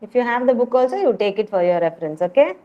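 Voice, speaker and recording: A woman's voice: a little high, big pitch swings, quick pace. A woman kindergarten teacher with an Indian English accent, leading an online class and patiently repeating words for young children. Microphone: video call. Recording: lo-fi noisy video call audio.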